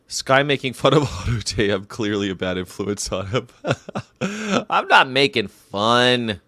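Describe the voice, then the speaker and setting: A man's voice: on the low side, a bit bright, dry recording. A young man hosting a casual show, commenting on history facts in an irreverent, rambling way, with swearing and jokes. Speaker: show host.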